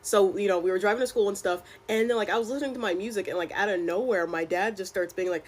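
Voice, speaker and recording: Fast-talking young woman telling a story. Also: mid-range voice. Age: young adult. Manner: chatty, filler-heavy, exasperated. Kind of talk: casual personal storytelling.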